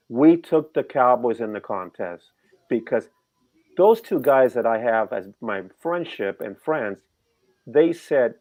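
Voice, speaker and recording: A man's voice: mid-range voice, darkish tone. A middle-aged man co-hosting a sports betting show, talking casually and animatedly, rambling and firing off rhetorical questions.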